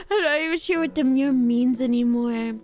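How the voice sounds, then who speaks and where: A young British woman streaming and chatting casually, rambling and laughing often. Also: sits high. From United Kingdom. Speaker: VTuber streamer. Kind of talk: casual livestream chat.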